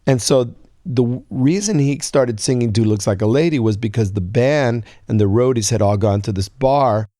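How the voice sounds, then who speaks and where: A man in his sixties telling a long story as an interview guest, acting out quoted lines in a higher voice. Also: moderate pace, no echo, clean studio sound. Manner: animated storyteller, acts out quotes in a high voice. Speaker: guest songwriter.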